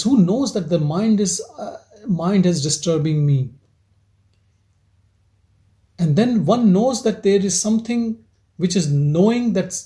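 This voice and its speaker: High-voiced man teaching non-duality. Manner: asks repeated rhetorical questions; gently probing, teaching tone. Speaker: spiritual teacher leading a satsang. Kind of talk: reflective spiritual talk.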